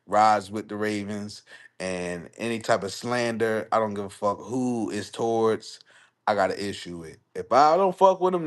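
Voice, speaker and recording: A young man with a fairly low-pitched voice hosts a live stream, chatting casually about football. He swears freely and rambles through repeated phrases while reacting to his chat.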